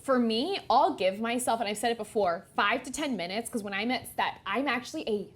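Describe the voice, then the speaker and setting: A woman co-hosting a casual podcast, with a slightly higher voice. She is blunt and profane, and she acts out her stories with plenty of energy. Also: brisk, slightly rough. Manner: blunt, profane, animated storyteller. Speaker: podcast co-host.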